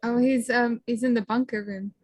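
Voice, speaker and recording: A woman's voice: fairly high pitch, fairly even intonation, normal speed, darkish tone, dry recording. A woman in a tabletop role-play chats in a giggly, playful way. Her voice sounds close and dry. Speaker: player. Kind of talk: casual chat in a tabletop game.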